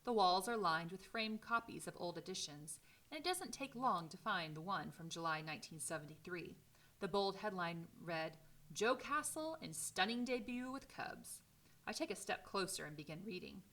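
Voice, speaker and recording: A woman teacher reading a novel aloud in a steady, clear storytelling way. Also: fairly low pitch, normal speed.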